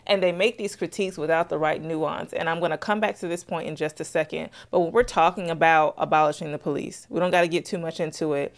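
Woman, podcast co-host, lowish voice, earnest, reflective, argues point by point. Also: steady tone, fast talker, few pauses. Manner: earnest, reflective, building an argument. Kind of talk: casual chat.

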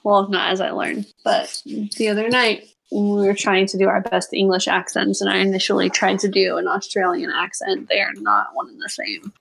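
A woman chatting on a podcast with a gravelly edge to her voice. She cracks wry, self-deprecating jokes in an easygoing way. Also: mid-range voice, level tone, moderate pace, few pauses, fairly bright tone, poor audio. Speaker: podcast co-host. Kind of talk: casual chat.

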